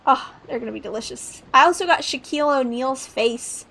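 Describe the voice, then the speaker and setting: Playful high-voiced woman streamer. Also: fairly quick, vocal fry, sharp tone. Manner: chatty, playful, giggly asides. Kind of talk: live game stream commentary.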